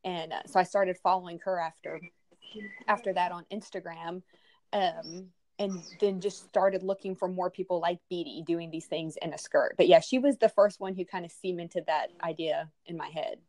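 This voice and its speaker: A woman's voice: fairly low pitch, steady tone, normal speed, darkish tone, slight background noise. A married woman from Texas with a Southern Texas accent, chatting as a podcast guest and hesitating often with ums and restarts. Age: adult, married. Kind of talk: casual interview conversation.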